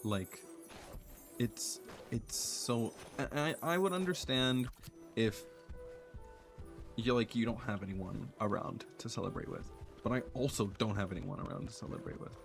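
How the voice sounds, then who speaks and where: Soft-spoken low-voiced man musing while gaming. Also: unhurried, creaky, faint music behind. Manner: soft, earnest, rambling with many fillers and restarts. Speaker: gaming streamer. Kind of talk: reflective casual chat while playing.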